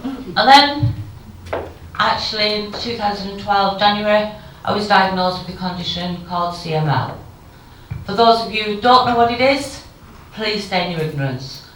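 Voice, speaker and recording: In a very echoey conference hall, far from the microphone, a woman in her fifties gives a keynote that is frank, emotional and wryly funny. She speaks at a normal speed with a medium pitch and a fairly bright tone, and there is a little hiss or hum.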